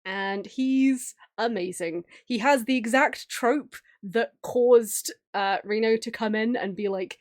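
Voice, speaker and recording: A woman's voice: on the high side, takes it slowly, hardly any pauses. A woman streamer chatting casually while drawing, gushing and giggling often. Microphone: streaming mic.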